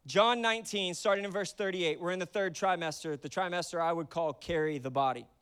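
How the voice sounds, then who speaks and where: A young adult man preaching a sermon in a church, telling stories with humor and building to loud, emphatic peaks. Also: high-pitched, fairly quick, clean tone. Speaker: pastor.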